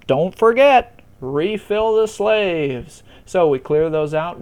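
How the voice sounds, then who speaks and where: A man walking listeners through a board game's rules in a relaxed, conversational way, with some self-deprecating humor. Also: on the high side. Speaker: board game tutorial presenter. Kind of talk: casual rules explanation.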